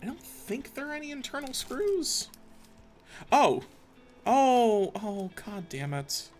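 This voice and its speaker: A man's voice: extremely high pitch, big pitch swings, slow, darkish tone. A young man on a live stream who mutters to himself and swears often. He is stressed and frustrated while he builds something by hand. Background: faint background music.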